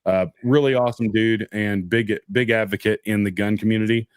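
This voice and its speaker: A man's voice: fairly low pitch, steady tone, fairly quick, clear, resonant tone, dry recording, studio quality. A man co-hosting a casual political podcast, reading news stories aloud with many fillers and restarts.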